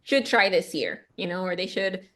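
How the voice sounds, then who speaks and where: A woman's voice: lowish voice, moderate pace, a bit bright. Chatty bilingual woman telling stories. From Mexican-American. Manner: storytelling with many fillers, bilingual asides. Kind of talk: casual chat.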